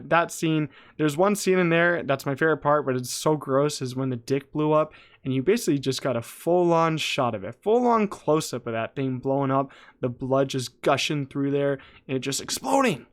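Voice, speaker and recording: A young man talking casually and excitedly to his viewers, rambling with restarts and asides as he reviews a show. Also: mid-range voice. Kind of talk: casual solo review talk.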